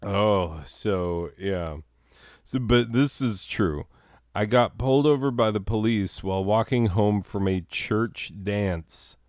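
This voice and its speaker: A man's voice: lowish voice, slow, a little mellow, no echo, studio quality. A man hosting a comedy show, telling a rambling self-deprecating story with chuckling asides and digressions. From Arizona.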